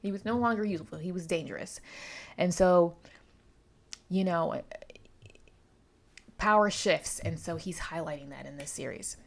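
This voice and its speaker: A woman's voice: fairly low pitch, normal speed, vocal fry, pauses often. A woman giving a chatty, digressive book review in a casual vlog.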